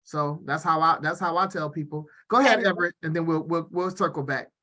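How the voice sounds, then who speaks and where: A male host moderates a youth panel over a video call. His voice is high and bright. He moves the talk along briskly and hands each turn to the next speaker. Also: steady tone. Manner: brisk, directive.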